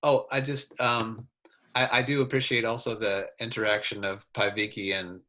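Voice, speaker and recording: Hesitant low-voiced man player. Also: level tone, normal speed, pushed and bright. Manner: hesitant, considered. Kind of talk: out-of-game group discussion.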